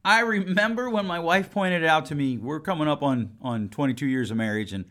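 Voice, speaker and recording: Bright-voiced, blunt male therapist. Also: a little high, a little fast. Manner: emphatic, blunt and conversational. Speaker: family therapist and podcast host. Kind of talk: casual podcast talk.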